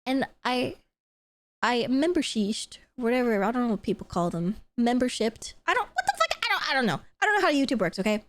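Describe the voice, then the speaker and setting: A young woman streams and chats, excitable and gushing, often breaking into laughter and swearing casually. Her voice sits high and swings widely in pitch. The sound is dry and close. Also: fairly quick, dry recording. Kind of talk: casual live-stream chat.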